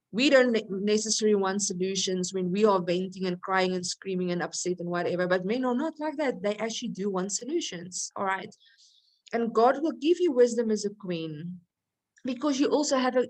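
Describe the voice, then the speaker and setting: A middle-aged woman teaching a recorded lesson for Christian women, chatty and often laughing, asking rhetorical questions and checking in with her listeners. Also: medium pitch.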